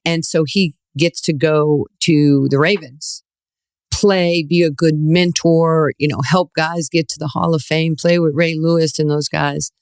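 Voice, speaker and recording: A woman in her sixties from New York, a guest telling lively stories in an interview and acting out the voices in them. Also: low voice, a little slow, clean tone, no echo, clean studio sound. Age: 60s. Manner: animated storyteller, acts out quoted voices, laughs often. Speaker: guest, former basketball player. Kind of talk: storytelling interview.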